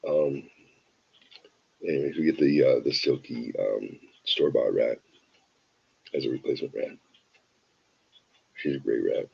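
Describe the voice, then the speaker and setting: A man's voice: rumbling low, measured pace, vocal fry, pauses often, darkish tone, breathy edge, muffled recording. A tired man hosting a show, telling a rambling, wry, self-deprecating anecdote full of digressions. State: tired from an early start. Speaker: show host. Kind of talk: casual anecdote storytelling.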